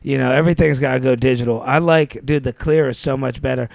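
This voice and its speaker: A man's voice: mid-range voice, steady tone, fast talker, gravelly, darkish tone, dry recording. A man co-hosting a podcast in casual chat, telling stories with a brash, swaggering manner. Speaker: podcast co-host.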